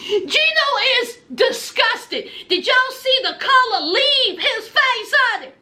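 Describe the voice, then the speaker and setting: A woman, tipsy, recapping a reality show in a casual, animated storytelling way, acting out what people said. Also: extremely high pitch, slow. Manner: animated storyteller, acts out quotes, laughs. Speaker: recap commentator.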